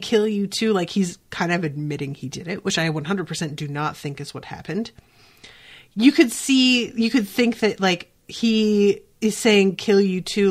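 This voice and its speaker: A woman hosting a podcast, recapping a TV episode in casual chat, animated and quick to swear. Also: mid-range voice. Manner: animated, swears freely, lots of "like" fillers. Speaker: podcast host.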